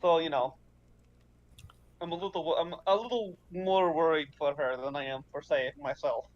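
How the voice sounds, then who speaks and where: A man's voice: on the high side, normal speed, lightly acted. A man voicing a protective woman warrior in a tabletop game, hesitant and full of fillers. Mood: worried. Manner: hesitant, laughing, lots of fillers. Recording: dull lo-fi mic.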